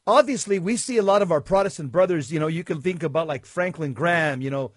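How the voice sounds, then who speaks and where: A man's voice: on the high side, quick pace, no room sound, clean studio sound. A man hosting an interview, asking emphatic, leading questions. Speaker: interview host. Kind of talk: conversational interview.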